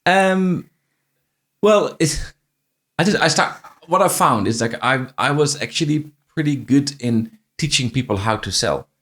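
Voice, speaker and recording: In a casual podcast interview, a middle-aged guest who runs a franchise as CEO tells stories, restarting often and repeating phrases. He speaks a little slowly and expressively in a mid-range, fairly bright voice, with a faint Irish-tinged non-native English accent.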